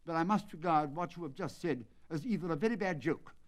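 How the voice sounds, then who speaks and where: A man's voice: on the high side, fairly quick, natural voice. Man voicing an indignant agitated colonel. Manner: agitated, raised indignant outbursts. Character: excitable indignant male horse-owning colonel. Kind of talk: dramatic audiobook reading.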